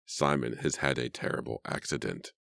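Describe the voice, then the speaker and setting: Hoarse unhinged older man voiced by a man, snarling, very deep, dry close voice. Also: normal speed, fairly bright tone, no echo, heavily acted. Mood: distraught. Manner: muttering, snarling. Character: deranged older man with a rifle.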